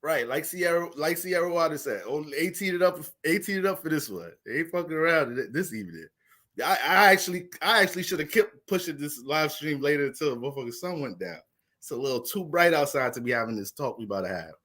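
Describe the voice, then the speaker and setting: A young man casually talking through an astrology livestream, profane and animated, laughing often. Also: fairly high pitch, fast.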